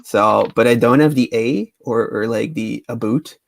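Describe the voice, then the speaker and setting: Gravelly relaxed male stream host. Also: mid-range voice, no echo. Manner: relaxed, halting with fillers and repeats. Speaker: livestream host. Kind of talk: casual chat.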